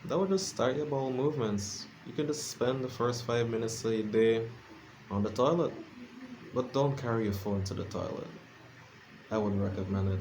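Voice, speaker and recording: A man's voice: medium pitch, normal speed, darkish tone, a little hiss or hum. A sleepy man rambling casually in a late-night vlog, self-deprecating and full of fillers and restarts. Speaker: vlogger. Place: his room at home.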